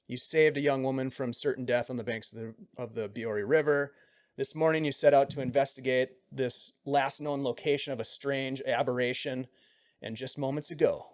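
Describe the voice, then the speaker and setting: A man acting as game master, recapping and narrating a tabletop game in a relaxed way, often trailing off softly. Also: mid-range voice, dry recording, clean studio sound. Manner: relaxed, with frequent ums and trailing soft phrases.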